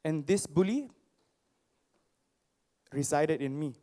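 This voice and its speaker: High-voiced man telling stories on stage. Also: expressive, takes it slowly, dark tone. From Singapore. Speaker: motivational speaker. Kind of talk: personal storytelling speech to a live audience. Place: stage before a live audience.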